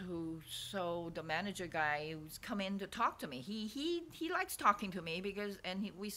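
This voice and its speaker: A woman's voice: fairly low pitch, bright, forceful tone. A woman chatting in a rambling, digressive way about her swap meet stall, often trailing off into near-whispers. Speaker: artist vlogger. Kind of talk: rambling casual monologue.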